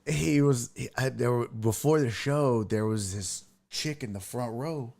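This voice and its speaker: A man's voice: mid-range voice, a little slow, gravelly. A man who hosts a podcast and does stand-up, telling crude stories in casual chat and laughing through them. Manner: animated, profane, laughs through his stories. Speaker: podcast host and stand-up comedian.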